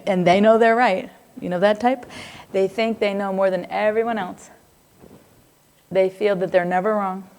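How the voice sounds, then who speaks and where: Her voice is medium-pitched and a little mellow. This middle-aged psychology lecturer runs a live class in a relaxed, roundabout style, drifting into tangents, laughing easily and repeatedly checking whether students follow.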